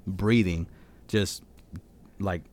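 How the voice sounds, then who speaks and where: A man co-hosting a podcast, telling a rambling story in relaxed casual chat with loose grammar. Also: low voice, very slow. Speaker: podcast co-host.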